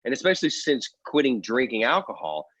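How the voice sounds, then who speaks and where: A man's voice: medium pitch, fairly quick, slightly rough, no echo. Laid-back, slangy storytelling man. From United States. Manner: animated storyteller, slangy and laughing. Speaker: band member co-hosting a chat. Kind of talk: casual storytelling chat.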